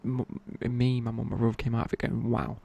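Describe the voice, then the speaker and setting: A man's voice: medium pitch, steady tone, brisk, creaky, dark tone, highs cut off. A young man telling a rambling casual story in a whispered ASMR chat. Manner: rambling, casual, many fillers and restarts. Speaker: ASMR creator.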